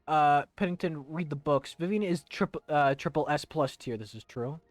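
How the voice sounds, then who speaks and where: A man's voice: fairly high pitch, moderate pace, no room sound. Rambling jokey young male streamer. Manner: rambling and jokey, breaking into silly voices. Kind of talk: casual let's-play commentary.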